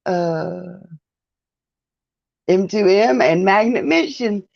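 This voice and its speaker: A woman's voice: mid-range voice, lively intonation, extremely slow, creaky, a little mellow, no room sound, lo-fi sound. A woman hosting a casual livestream, chatting with viewers, greeting them by name and laughing often. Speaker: livestream host. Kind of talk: casual live-stream chat with viewers.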